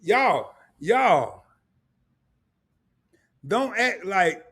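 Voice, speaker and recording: A middle-aged man hosting a casual live stream, talking to his chat in an animated way, laughing a lot and repeating words. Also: high-pitched, slow, long pauses.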